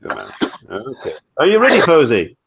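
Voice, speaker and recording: Older guy hosting a web hangout, lively pitch, stumbles and laughs at himself. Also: a little fast, husky. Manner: lively, self-mocking, stumbles over words. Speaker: host of a weekly online hangout. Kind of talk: casual chat.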